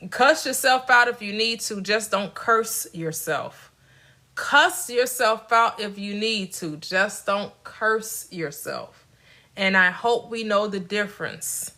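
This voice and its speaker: A woman's voice: mid-range voice, animated, slow pace, pushed and bright. A middle-aged woman hosting a casual motivational talk, emphatic and direct, laughing often between her points. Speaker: motivational channel host.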